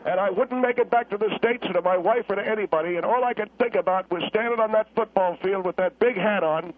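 A man voicing an elderly male Korean War veteran who calls in on a tinny phone line and rambles, halting and repeating himself. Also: high-pitched, voice pushed up, close to an everyday voice. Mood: nostalgic. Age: over 70. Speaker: caller.

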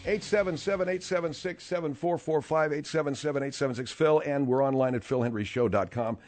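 Radio host guy, kinda high voice, quick announcer delivery in a studio. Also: darkish tone, soft background music. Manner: brisk, announcer-like plugs. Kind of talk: talk radio comedy hosting.

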